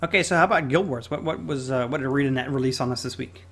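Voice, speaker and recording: Gravelly man hosting a gaming podcast. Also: mid-range voice, rapid-fire, a bit bright, soft background music. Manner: chatty, fiddles with audio settings while talking. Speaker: podcast host. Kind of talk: casual gaming podcast chat.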